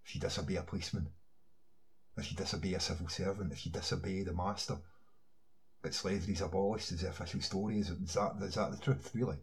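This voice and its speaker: A man's voice: low-pitched, fairly even intonation, fast, poor audio. A man in a ranting online monologue, insistent, firing rhetorical questions and filling gaps with "you know". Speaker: online commentator.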